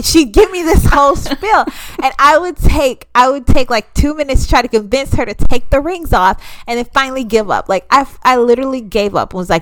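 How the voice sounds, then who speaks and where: A woman co-hosting a podcast, speaking in an animated, emphatic way and laughing often. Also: sits high, brisk, dry recording, poor audio. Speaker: podcast co-host. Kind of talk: casual chat.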